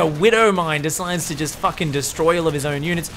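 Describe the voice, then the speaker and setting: A man's voice: fairly high pitch, brisk, a bit bright, a little hiss or hum. A man giving comedic game commentary, profane, joking and sarcastic.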